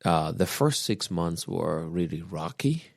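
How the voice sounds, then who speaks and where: Man, very low pitch, dry studio sound; relaxed podcast guest who tells stories with frequent chuckles. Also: a little slow, gravelly, no echo. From Kenya. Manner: relaxed storyteller, chuckling often, quoting others. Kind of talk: personal storytelling in casual chat.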